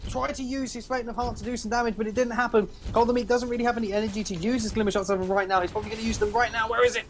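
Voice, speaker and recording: A British man casting a live esports match, excitable and quick to shout at big plays. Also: very high-pitched. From Britain. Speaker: esports caster. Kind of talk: live game commentary.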